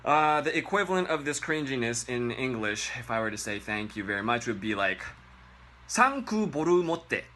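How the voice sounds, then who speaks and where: A man from Japan giving a comedic Japanese lesson as the show's host, animated and profane, mocking bad pronunciation in exaggerated voices. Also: medium pitch, a little fast, hardly any pauses, slight background noise. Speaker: Japanese language teacher. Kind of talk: comedic online language lesson.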